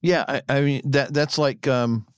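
A man co-hosting a podcast, recapping episode scenes in casual chat and now and then mimicking characters in a higher voice. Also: fairly even intonation, a little slow, clean tone, dry recording, studio quality. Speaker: podcast co-host.

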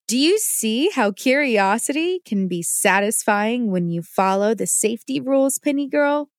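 A woman's voice: a little high, lively intonation, moderate pace, no room sound, studio quality. A woman voicing a patient, caring mother who teaches her child kitchen safety. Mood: warm. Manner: patient and instructive. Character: gentle, safety-minded mother.

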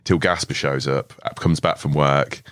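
A young man in his twenties with an extremely low, rumbling voice tells stories in a podcast studio. His delivery is relaxed and full of swearing, with laughs breaking through. The sound is close and dry, with no room echo. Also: normal speed. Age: 20s. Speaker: podcast guest. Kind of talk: casual storytelling chat.

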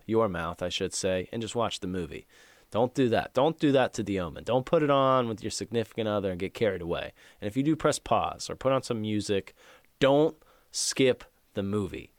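A man's voice: fairly low pitch, fairly quick, no echo. A middle-aged man co-hosting a horror movie podcast, joking and rambling with crude, profane humor. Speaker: podcast co-host. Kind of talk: casual crude chat.

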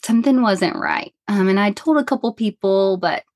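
A woman in her thirties, a counselor guest on a podcast, telling a personal story in a chatty, animated way full of fillers. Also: medium pitch, normal speed, no room sound.

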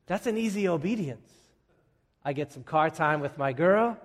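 A man's voice: on the high side, animated, normal speed. Man preaching in a reverberant church hall. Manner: conversational, humorous storytelling with acted-out quotes. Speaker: pastor. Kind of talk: sermon.

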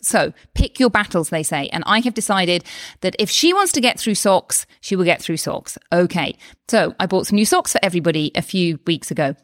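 On her solo podcast, a woman based in Spain talks as a health coach in a chatty, lively way, full of exclamations and brief asides. Her medium-pitched voice is captured in studio quality, echo-free.

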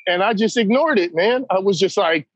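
A man's voice: sits high, lively intonation, normal speed, breathy edge, dry recording, poor audio. A man talking as a podcast guest, blunt and emphatic, who keeps saying "man" as he talks. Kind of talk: candid conversation.

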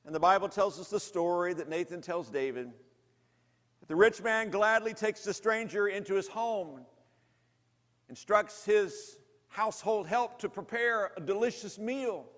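A man preaching with a high, reedy voice, telling the story dramatically. He swings between loud, urgent passages and hushed, drawn-out lows. His voice rings with the long reverb of a large hall. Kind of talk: sermon.

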